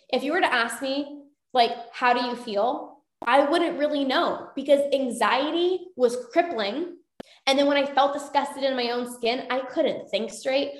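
A woman's voice: a little high, reverberant. A young adult woman coaching her listeners in a motivational talk, earnest and repeating phrases for emphasis.

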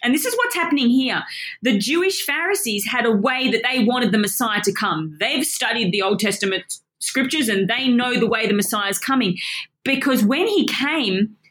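A woman with a slightly higher voice gives an excited, casual Bible teaching. She talks in a chatty way and laughs often as she explains. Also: normal speed.

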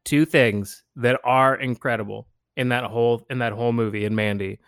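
A man in casual podcast chat, energetic and laughing, who jumps into exaggerated voices to act out quotes. His voice sits at an average pitch and is close-miked and dry, with no room sound. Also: moderate pace, clear, resonant tone, no echo. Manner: animated, laughing storyteller who acts out quotes; swears freely. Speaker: podcast co-host.

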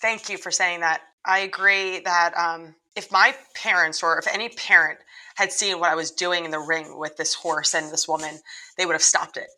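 Coach lady on a podcast, low-ish bright voice, earnest and animated. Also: moderate pace, low-quality recording. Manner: earnest, animated, frequent restarts. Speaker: lacrosse coach, guest. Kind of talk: podcast interview, storytelling.

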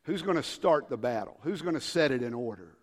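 A preacher voicing a doubting king in a low, quiet, skeptical mutter. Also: animated, fairly quick, close to an everyday voice. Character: doubting ancient king, middle-aged man. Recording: long reverb of a large hall.

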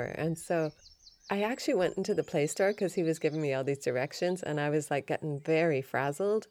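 A woman hosting a yoga and Ayurveda podcast, telling a story in a chatty, animated way. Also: deep voice, a little fast, dry recording. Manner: chatty, animated retelling with laughs and restarts.

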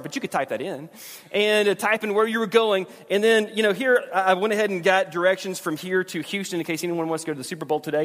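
A man from preaching a sermon, self-deprecating and halting, with repeated restarts. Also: high-pitched, fairly bright tone. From southern Alabama. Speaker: pastor. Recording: long reverb of a large hall.

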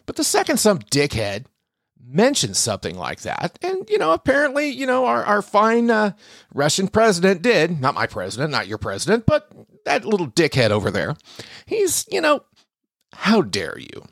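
A man's voice: high-pitched, huge pitch swings, normal speed, a bit bright, no room sound. Sweary sarcastic podcast guy ranting solo, voice jumps all over, dead dry mic sound. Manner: angry, sarcastic, heavy swearing. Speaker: podcast host. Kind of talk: profane solo podcast rant.

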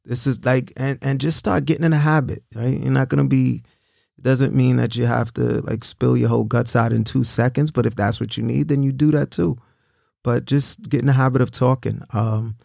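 A man's voice: medium pitch, creaky, a little mellow, no echo, studio quality. A man giving casual, earnest encouragement, often repeating himself and checking in with "right?".

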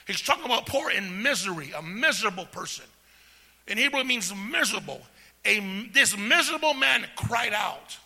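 Raspy high-voiced preacher in a reverberant church. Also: male voice, very animated, normal speed. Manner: preaching with call-and-response, swings from soft to shouting. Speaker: pastor. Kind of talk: sermon. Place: church sanctuary. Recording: long hall reverb.

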